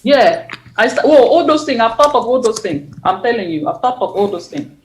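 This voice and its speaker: A woman gives an earnest personal account over a call from her living room at home. She talks haltingly, restarting and repeating her phrases as she goes. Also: fairly high pitch, expressive, low-quality recording. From Uganda. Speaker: interview guest. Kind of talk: personal testimony. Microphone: video or phone call from home.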